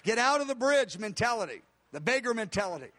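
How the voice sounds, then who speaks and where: Preacher guy, really high bright voice, punchy repeats, slows way down on the big lines. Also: very animated, in a large hall. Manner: emphatic, repeats declarations, slows down to stress words. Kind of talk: sermon.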